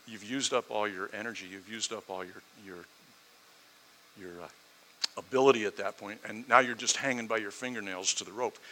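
A man's voice: medium pitch, sharp tone. A man preaching a storytelling sermon, building his points through emphatic repetition.

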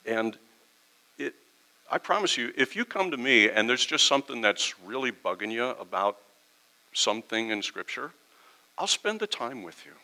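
A man's voice: medium pitch, sing-song, moderate pace, pushed and bright, rough recording. A middle-aged pastor giving a conversational sermon, acting out quoted exchanges with his congregation.

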